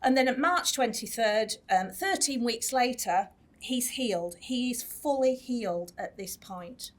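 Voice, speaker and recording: A woman's voice: a little high, lively intonation, unhurried. A woman who is a nurse specialist giving a chatty conference talk, with many fillers and restarts. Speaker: tissue viability nurse specialist. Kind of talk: conference presentation. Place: conference hall.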